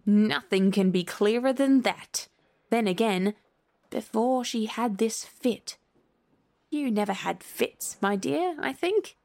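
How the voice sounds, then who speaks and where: A woman's voice: on the high side, animated, slow pace, vocal fry, darkish tone, no echo, exaggerated voice. A woman reading a storybook aloud, voicing a fussy, pompous king of cards who mutters over the evidence and sounds pleased with himself. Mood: coaxing.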